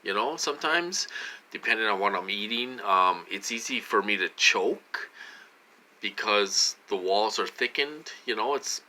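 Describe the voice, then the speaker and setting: Middle-aged guy vlogging, lowish voice but real sharp and tense, keeps repeating himself, bit out of breath. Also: lively intonation, unhurried. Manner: rambling, repetitive, addresses viewers often. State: short of breath. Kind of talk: casual vlog monologue.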